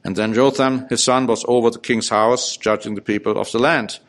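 A man's voice: medium pitch, steady tone, brisk, hardly any pauses. A man preaching a sermon, reading scripture aloud and stressing points with rhetorical questions. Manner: emphatic, asks rhetorical questions.

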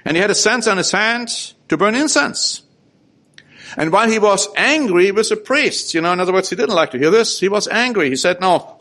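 A man's voice: sits high, a bit bright. A man preaching a sermon, reading scripture aloud and stressing points with rhetorical questions. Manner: emphatic, asks rhetorical questions.

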